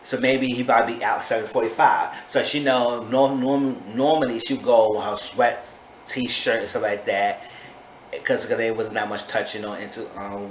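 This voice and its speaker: Chatty man recapping in an echoey room. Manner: gossipy, exclaims in sudden high-pitched disbelief. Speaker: TV show reviewer. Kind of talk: casual chatty recap vlog. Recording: echoey room with faint background noise.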